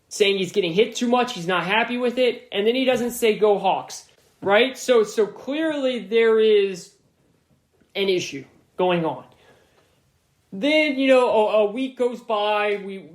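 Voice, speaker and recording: A man hosting a sports podcast, talking through his opinions in a casual, emphatic monologue and repeating points for stress. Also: high-pitched. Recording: roomy echo.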